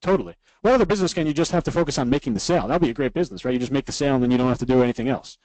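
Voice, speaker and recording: A man's voice: mid-range voice, lively intonation, rapid-fire, darkish tone, no room sound, rough recording. A man teaching a live online webinar, walking through steps in an upbeat way and ending nearly every point with "right?". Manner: reads out viewer comments from a live chat. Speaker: online course instructor.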